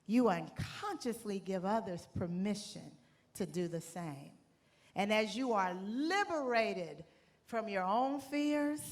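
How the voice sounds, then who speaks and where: A woman motivational speaker giving an inspirational keynote to a live audience, speaking in measured, deliberate phrases. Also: medium pitch. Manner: builds from soft, measured delivery to shouted call-and-response. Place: large hall with a live audience.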